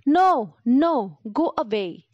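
Storybook: scared little pigs, squeaky, loud and high, as a woman narrator voices them, dull lo-fi sound. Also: big pitch swings, slow pace, no room sound, heavily acted. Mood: frightened. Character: frightened little pigs, young and small. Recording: dull lo-fi recording.

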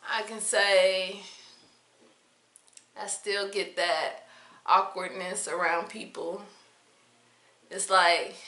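A woman speaking softly and reflectively in a candid, confessional monologue to her viewers. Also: medium pitch. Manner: soft-spoken, slow and reflective. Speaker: vlogger sharing personal reflections. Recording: roomy echoey room.

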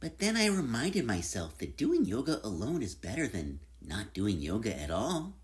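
A man reading a children's picture book aloud as a cheerful yoga-loving bunny, in a sing-song, animated voice. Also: lowish voice, normal speed. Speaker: storybook narrator.

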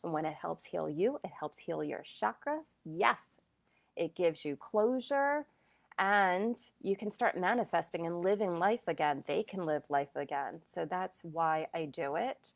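A woman healer telling a personal story in a chatty, animated way, with many fillers and quoted asides. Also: lowish voice, a little slow, creaky, dry recording. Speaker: energy healer and medium. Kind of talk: casual live-stream storytelling.

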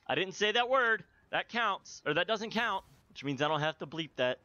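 A man commentating his own shooter gameplay, swearing and yelling outbursts at opponents. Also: on the high side, sing-song, a little fast, hardly any pauses, no room sound. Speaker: gaming video host.

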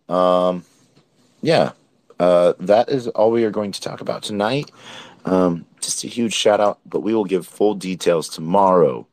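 A very low-voiced man hosts a casual nightly recap, sounding worn out after a long day. He talks slowly and rambles, full of ums and likes. The sound is dry and close. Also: dry recording. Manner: relaxed, rambling with many fillers. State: tired, hiccuping. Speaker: host. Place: Miami, at a conference event.

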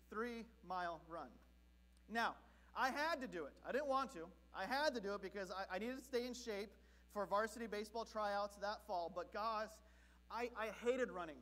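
A man from Southern California preaching a sermon as pastor, telling a story in an animated, comic way. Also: sits high, normal speed.

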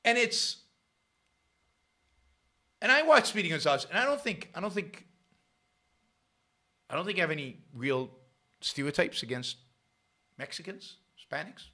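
A middle-aged man hosting a show, talking in a sarcastic, animated commentary with frequent restarts. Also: sits high, moderate pace, long pauses. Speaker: show host. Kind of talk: casual commentary monologue.

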